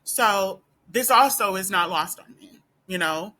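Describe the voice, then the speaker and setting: A woman student talking straight to camera in a casual vlog, emphatic and full of rhetorical questions, with a voice that is not deep. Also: unhurried, sharp tone. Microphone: camera or phone facing speaker.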